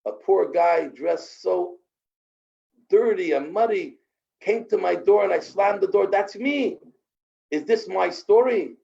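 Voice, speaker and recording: A man's voice: medium pitch, moderate pace, creaky, dull audio, close to an everyday voice. A man voicing a stingy rich man who indignantly scolds a poor beggar. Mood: distraught. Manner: indignant, shouting.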